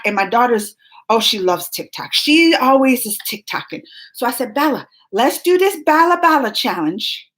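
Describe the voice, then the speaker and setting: A woman in her thirties runs a casual livestream, chatting with viewers and rambling with many restarts and side comments. When she gets excited, her pitch shoots up.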